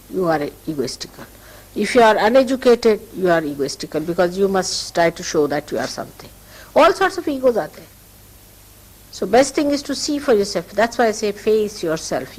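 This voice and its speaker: Older Indian woman, breathy and emphatic. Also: medium pitch, sing-song, normal speed, a little mellow, low-quality recording. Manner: emphatic, repeats key phrases for stress. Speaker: spiritual teacher. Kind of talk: spontaneous spiritual talk to followers.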